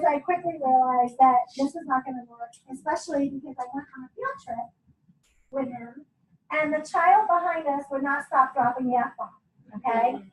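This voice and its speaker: A middle-aged homeschooling parent with a high voice shares her family story with a group, chatty and candid, laughing often and turning to listeners with asides. She talks at normal speed, standing some way from the mic in an echoey room, and the audio is dull.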